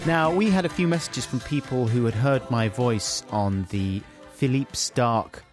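A man's voice: medium pitch, measured pace, soft background music. A British man co-hosting a comedy podcast, playful and giggly, reading out listener messages. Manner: playful, giggly, breaks into silly singing. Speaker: podcast co-host. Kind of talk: casual comedic chat.

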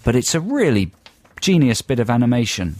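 A man co-hosts a radio show in a loose, playful banter. His voice sits at an ordinary middle pitch and comes across dry and close, with no room sound around it. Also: very animated, brisk, darkish tone, dry recording. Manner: playful, chatty, jokey asides. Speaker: radio co-host.

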